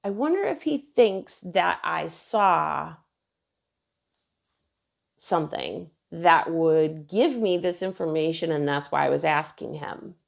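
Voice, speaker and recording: Low gravelly woman telling her story. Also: animated, slow pace. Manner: earnest, emotional retelling, quoting others softly. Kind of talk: personal storytelling.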